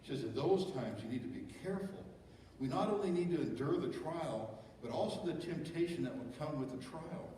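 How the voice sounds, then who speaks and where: Brief: middle-aged male pastor, fairly high voice, chatty sermon full of rhetorical questions, distant mic in a reverberant church hall. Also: animated, fairly quick, mellow, slight background noise. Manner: conversational preaching with rhetorical questions. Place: church sanctuary. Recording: echoey church hall from far off.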